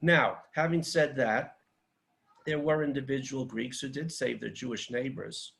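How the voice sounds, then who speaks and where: A man's voice: medium pitch, measured pace, creaky, fairly bright tone, low-quality recording. A man speaking at a seminar in a fiery, declamatory, rhetorical way. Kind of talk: impassioned seminar talk.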